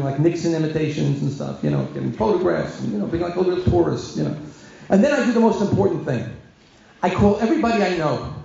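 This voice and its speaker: Male rabbi storyteller, high and lively; comic timing, booming hall echo. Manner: animated, self-mocking, comic timing. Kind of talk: comic storytelling talk to an audience. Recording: echoey hall, dull sound.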